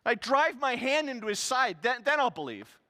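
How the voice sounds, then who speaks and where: A man's voice: very high-pitched, sing-song, moderate pace, pushed and bright, long reverb tail, voice pushed up, heavily acted. A man voicing the disciple Thomas, a blunt and stubborn skeptic who refuses to believe. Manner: defiant, blunt, disbelieving.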